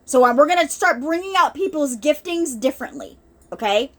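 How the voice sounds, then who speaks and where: A woman's voice: sits high, expressive, brisk. A woman hosting an unscripted ministry video, giving an earnest, rambling spiritual testimony with many restarts and asides, emotional at times.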